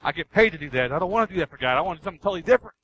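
A man's voice: a little high, expressive, rapid-fire, fairly bright tone, lo-fi sound. A man preaching a sermon with emphasis, repeating key lines and acting out people's excuses. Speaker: pastor.

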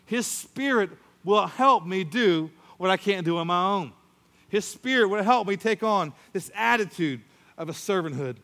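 Man preaching, middle-aged, bright forceful voice, slightly high, long hall echo. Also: moderate pace. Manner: animated storytelling, acts out voices. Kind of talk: sermon with personal story.

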